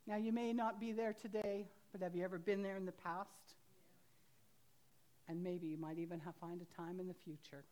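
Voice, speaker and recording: A woman's voice: lowish voice, steady tone, normal speed, darkish tone. Chatty woman pastor telling a story. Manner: homely, chatty, laughs at herself. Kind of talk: sermon with storytelling.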